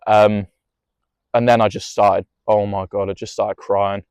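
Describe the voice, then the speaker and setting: A young man speaks slowly in a somewhat low voice. His confessional story rambles, full of restarts and casual swearing. The sound is dry and close, with no room echo. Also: level tone, darkish tone, clear, resonant tone. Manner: emotional, rambling, swears freely, many restarts. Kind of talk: personal storytelling monologue.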